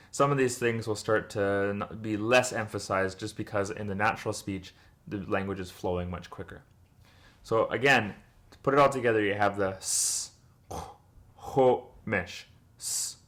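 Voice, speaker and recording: A man's voice: fairly low pitch, a bit bright. A young man teaching a word's pronunciation in a patient lesson, repeating each sound for the listener to copy. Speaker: language teacher.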